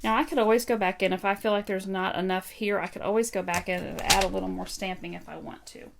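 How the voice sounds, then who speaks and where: A woman with a heavily gravelly, fry-laden voice talks through a card-making demo at her craft table, thinking aloud and filling pauses with ums. The home livestream audio carries clear background noise. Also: mid-range voice, fairly even intonation. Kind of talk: casual live craft tutorial.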